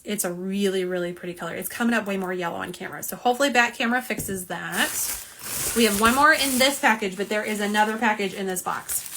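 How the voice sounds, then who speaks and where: Bright-voiced woman chatting on a livestream. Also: medium pitch, slight background noise. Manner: chatty, reads viewer comments aloud, self-deprecating. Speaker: nail polish livestream host. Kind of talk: live unboxing and swatching stream. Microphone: phone camera, front and back.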